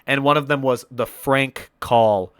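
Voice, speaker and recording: A man's voice: medium pitch, unhurried, clean tone, no room sound, studio quality. A man hosting a podcast, telling a rambling story in casual chat. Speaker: podcast host.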